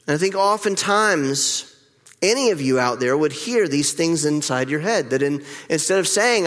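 A middle-aged male pastor preaching a candid, reflective sermon with pauses, heard with the long reverb of a church hall. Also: fairly high pitch, expressive, a bit bright. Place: church sanctuary.

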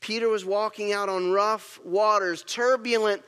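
A man with a high voice preaches a sermon, retelling a story and acting out each moment with lively energy. His voice carries a long reverb, as if recorded in a hall. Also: normal speed, smooth. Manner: animated storytelling, acts out scenes. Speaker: pastor.

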